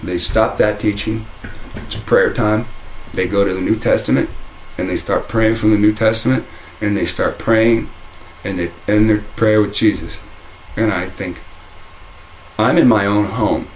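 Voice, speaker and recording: A fairly low-voiced man talks straight to camera from his home, heated and rambling as he circles back through restarts and repeated phrases. A faint hum of room ambience sits behind him. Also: steady tone, unhurried, pauses often, poor audio. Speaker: religious video commentator. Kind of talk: casual monologue to camera. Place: at home, indoors.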